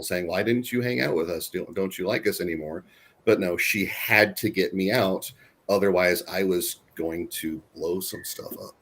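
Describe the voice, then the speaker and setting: A man with a low voice moderates a casual panel discussion. He talks candidly and earnestly. He often doubles his words to stress a point. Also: a bit bright.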